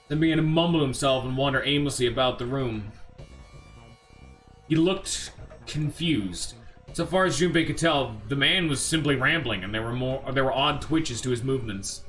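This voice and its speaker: A man hosts a let's play, reading a visual novel's text aloud with casual, joking asides. His voice is bright and forceful at a middle pitch. Faint game music plays underneath. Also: normal speed.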